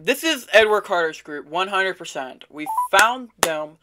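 A woman's voice: mid-range voice, lively intonation, unhurried, few pauses, pushed and bright. A woman making prank calls to phone scammers, mocking and taunting them and talking to her viewers between calls. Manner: taunting, mocking, gleefully rude. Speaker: scam-baiting caller and video host.

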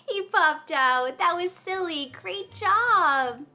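Woman, preschool host, bright tone, very lively melody, animated and clear. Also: extremely high pitch, a little hiss or hum. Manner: animated sing-song, slow and clear for toddlers. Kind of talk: children's educational video.

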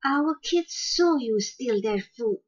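A woman voicing a mother quail who speaks insistently in a high pitch, in a storybook reading. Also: animated, slow pace, lo-fi sound.

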